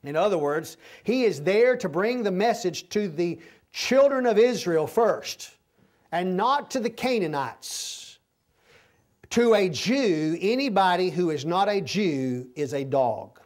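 A man's voice: sits high, lively intonation, takes it slowly. A man preaching a conversational, verse-by-verse sermon in a folksy manner, often checking that his listeners are following.

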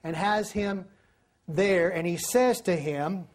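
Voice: mid-range voice, takes it slowly. A preacher, giving a sermon, telling stories and asking the listeners questions. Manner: storytelling, asks the listeners questions.

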